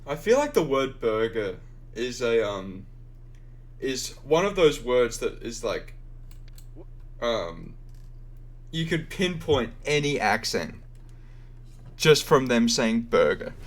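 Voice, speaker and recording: A young Australian man talks casually to his stream while he plays, wandering from one thought to the next. His voice sits at an ordinary middle pitch, loose and unpolished, with plenty of fillers and an occasional swear. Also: very animated, slow, pauses often. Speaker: game streamer. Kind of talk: casual live-stream chat.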